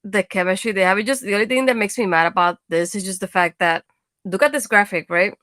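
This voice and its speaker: A woman co-hosting a casual wrestling review show, enthusiastic and quick to giggle. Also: medium pitch, a bit bright, no room sound, clean studio sound. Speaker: co-host, women's wrestling reporter. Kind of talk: casual chat.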